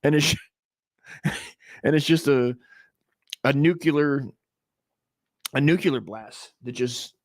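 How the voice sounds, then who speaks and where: A man's voice: fairly high pitch, slow, pauses often, no echo, clean studio sound. A man in his forties doing a crude, rambling comedic monologue, trailing off and restarting as he goes. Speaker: comedy podcast host.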